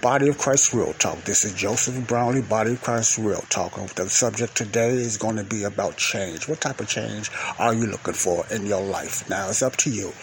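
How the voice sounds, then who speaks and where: A man's voice: lowish voice, poor audio. A man hosting a rambling podcast teaching outdoors at night, praying and repeating himself with many rhetorical questions. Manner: repeats phrases, asks rhetorical questions, peppers with "you know" and "okay". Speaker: podcast host and lay preacher. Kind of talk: rambling spoken teaching with prayer. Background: wind and faint outdoor ambience.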